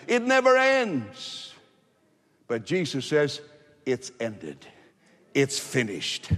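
Male pastor, emphatic sermon delivery, slightly high voice, long hall reverb. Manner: emphatic preaching, rising loud then dropping low.

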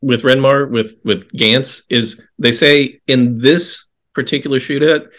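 A man co-hosts a casual podcast. He drops dry, wry remarks in a voice of ordinary middle pitch. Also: steady tone, a little slow, fairly bright tone. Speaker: guest host. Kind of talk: casual chat.

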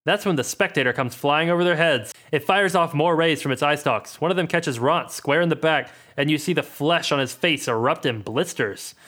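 A young man narrating as game master in a tabletop game, in a joking, animated way. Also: a little high, moderate pace, few pauses.

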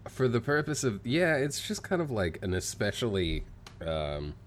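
A man's voice: mid-range voice, sing-song, moderate pace. A man co-hosting a casual chat, recapping a story in a jokey, rambling way. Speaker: podcast co-host.

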